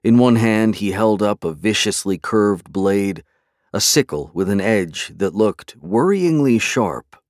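A man giving measured, dramatic scripted narration of a dark fantasy story as an audiobook narrator. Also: fairly low pitch, animated, no echo, clean studio sound.

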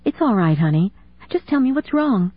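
Brief: woman narrator doing a tender, earnest grown man, husky and a touch low, thin phone-like sound. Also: very animated, normal speed, no echo. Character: adult man, divorced father, earnest lover. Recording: dry tinny phone-like sound.

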